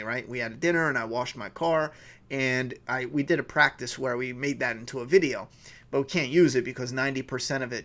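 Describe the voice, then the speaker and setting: A man hosts a live weekly review stream, talking off the cuff. His voice sits in a mid range with a gravelly, fry-laden texture. He wanders and corrects himself while reading viewers' comments aloud. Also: medium pitch. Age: adult father of a school-age child. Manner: rambling, thinks out loud, self-correcting.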